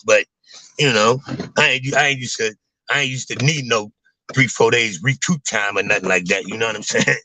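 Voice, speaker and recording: A young adult man chatting casually to his viewers, rambling in loose slang and filling every pause with "man" and "you know what I'm saying.". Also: a little high, pushed and bright, dry recording, poor audio. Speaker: vlogger talking to viewers. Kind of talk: casual livestream chat.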